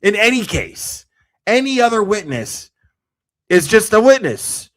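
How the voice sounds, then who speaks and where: A man's voice: high-pitched, big pitch swings, measured pace. A man giving casual ranting commentary, swearing freely and sounding sarcastic and exasperated.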